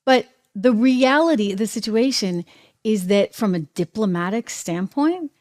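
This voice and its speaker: A woman with a New Hampshire accent hosting an opinionated political commentary show, talking in an animated, sarcastic way. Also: medium pitch, a little slow. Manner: animated, sarcastic, mimics people, laughs often.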